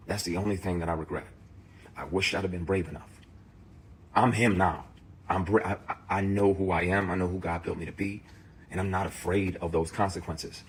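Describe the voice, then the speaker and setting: Deep-voiced man in a heated rant. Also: slight background noise. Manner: emphatic, profane, heated storytelling. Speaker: actor. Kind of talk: impassioned direct-to-camera rant.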